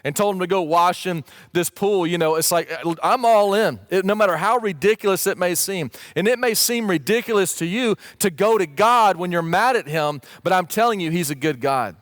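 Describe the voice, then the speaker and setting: Male pastor, sermon delivery, earnest and emphatic, higher voice, dry close sound. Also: a little fast, few pauses, fairly bright tone, no echo. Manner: earnest, emphatic, rising to pleading questions. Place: church stage or studio, streamed online.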